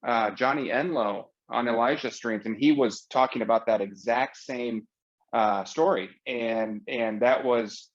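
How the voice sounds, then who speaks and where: A man's voice: medium pitch, a little slow, lo-fi sound. A man hosting an interview, affirming his guest in casual conversation. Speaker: interview host.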